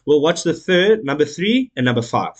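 A man's voice: fairly high pitch, big pitch swings, moderate pace, lo-fi sound. Emphatic man in casual chat. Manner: emphatic, swears, laughs often. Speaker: podcast host.

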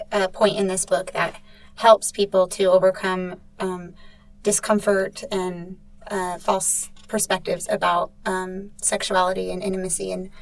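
A woman hosting a relaxed chat, posing questions slowly with lots of ums. Her pitch stays flat and even from start to finish. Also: rough recording. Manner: halting, measured questions with many ums. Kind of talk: casual discussion.

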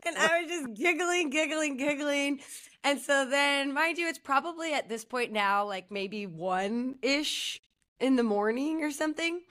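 Chatty woman podcaster, kinda high bright voice, laughs a lot, says like constantly. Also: lively intonation, unhurried. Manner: rambling, heavy use of "like", laughs through her story. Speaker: podcast co-host. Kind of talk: casual chat, storytelling.

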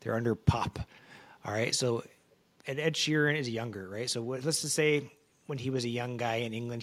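A man co-hosting a casual podcast, telling stories in a relaxed way and checking in with his listener. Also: medium pitch, moderate pace, no room sound. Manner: storytelling, relaxed, checks in with "right?". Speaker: podcast co-host.

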